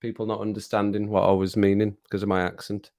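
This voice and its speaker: A man's voice: lowish voice, level tone, quick pace, a little mellow, dry recording, studio quality. Chatty man. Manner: chatty, laughs often, reads chat aloud. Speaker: livestream host. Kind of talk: casual livestream chat.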